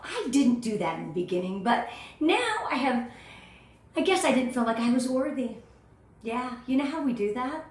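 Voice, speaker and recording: A woman from Southern California leading a live-stream sales training, bubbly and emotional, greeting viewers by name. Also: high-pitched. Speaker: sales team director. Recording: very echoey room.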